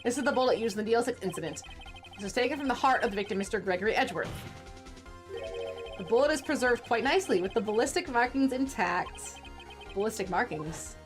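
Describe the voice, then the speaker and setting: Woman as a steady young defense attorney. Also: a little high, soft background music, natural voice. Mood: explaining. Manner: steady, measured, building to accusation.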